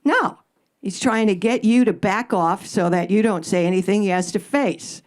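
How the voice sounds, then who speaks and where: An older woman hosting a live advice Q&A, blunt and sarcastic with casual swearing. Her voice sits in a middle pitch range. She fires off punchy jokes at her listeners. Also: moderate pace, darkish tone. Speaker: radio advice host answering audience questions. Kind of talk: live stage Q&A. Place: live event in front of an audience.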